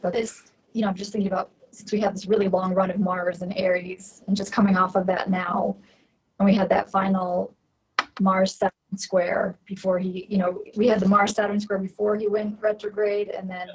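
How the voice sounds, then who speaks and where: A woman's voice: medium pitch, level tone, moderate pace, breathy edge, rough recording. A woman hosting a video call interview, thinking aloud as she asks her questions. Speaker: host.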